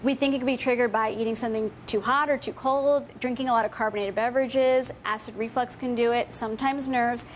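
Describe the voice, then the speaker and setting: A woman doctor explains bodily puzzles on a talk show in a calm, clear way, her voice a little high. A faint hiss sits under her in the studio. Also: a little fast, few pauses. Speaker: doctor guest.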